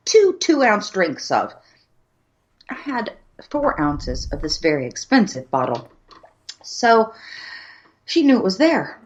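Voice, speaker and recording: A woman's voice: mid-range voice, highs cut off. A Southern American woman co-hosting a podcast, a little tipsy, telling a rambling story with laughs and the odd swear. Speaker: podcast co-host. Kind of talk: casual chat.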